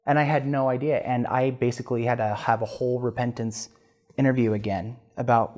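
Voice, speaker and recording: A man in his thirties, a podcast guest telling a personal story in an earnest, animated way with restarts. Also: medium pitch, a little fast.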